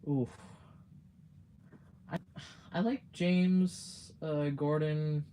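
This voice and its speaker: A man's voice: fairly high pitch, steady tone, very slow, dark tone, slight background noise. A man chatting on a livestream, rambling with filler words, giggling often and swearing casually. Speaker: streamer.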